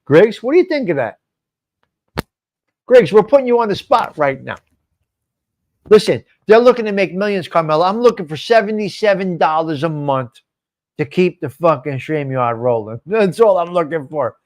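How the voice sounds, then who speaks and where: A man's voice: high voice, lively intonation, normal speed. A man hosting a live stream show, chatting casually and answering viewer comments by name in a rambling, swearing way.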